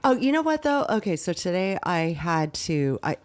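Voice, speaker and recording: A woman's voice: on the low side, moderate pace. A young woman co-hosting a podcast, telling a rambling story in a casual chat and acting out the dialogue. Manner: rambling, animated retelling with quoted dialogue. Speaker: podcast co-host.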